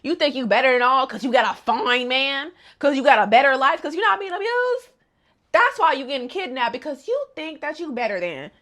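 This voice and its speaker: A woman's voice: lowish voice, fairly even intonation, fast, few pauses, fairly bright tone, close to an everyday voice. A woman putting on a bitter, jealous mother who fires off sneering accusations, her voice rising with resentment. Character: spiteful, jealous mother taunting a captive.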